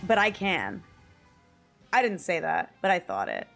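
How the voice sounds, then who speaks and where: A woman's voice: on the low side, very animated, a little slow, vocal fry, a bit bright, soft background music. Chatty young New streamer woman. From New York / New Jersey area. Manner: chatty, swears casually, laughs often. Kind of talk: casual chat to viewers while gaming.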